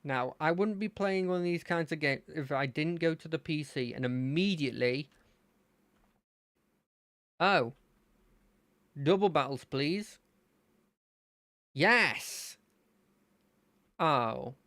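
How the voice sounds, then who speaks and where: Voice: medium pitch, measured pace, long pauses, no echo. A game streamer chatting casually and playfully while playing a fangame, thinking aloud. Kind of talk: casual gameplay commentary.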